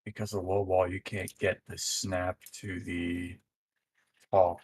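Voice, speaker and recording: Husky low-voiced man in casual chat. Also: level tone, slow, darkish tone. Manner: laid-back, swears casually. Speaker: game server admin. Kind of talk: casual chat while building a map.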